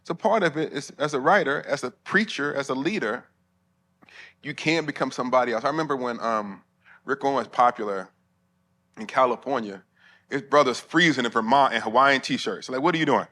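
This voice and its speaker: Middle-aged man, bright sharp tone, conference talk full of jokes and asides to the room. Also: medium pitch, a little fast. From Alabama, US. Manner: humorous, conversational, with asides to the crowd. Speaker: preacher and theologian. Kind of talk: conference sermon. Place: conference hall before pastors.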